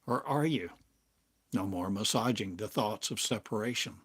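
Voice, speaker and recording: An older man giving a slow, halting spiritual monologue as a teacher, speaking in drawn-out phrases with long pauses. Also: on the low side, expressive, a bit bright, slightly rough. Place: home in a small town, drinking coffee.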